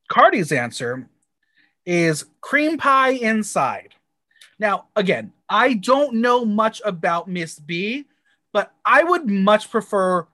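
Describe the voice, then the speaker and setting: A woman from the United States co-hosts a casual podcast recap, blunt and crude with exaggerated reactions. Her voice swings widely in pitch as she talks. The sound is dry and close, with no room around it. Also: fairly bright tone, no room sound. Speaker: podcast co-host recapping a TV episode. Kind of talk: casual chat.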